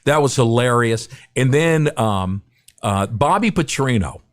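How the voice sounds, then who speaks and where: A man's voice: mid-range voice, expressive, unhurried. A middle-aged man, a guest broadcaster, telling anecdotes in a podcast interview and acting out the quotes.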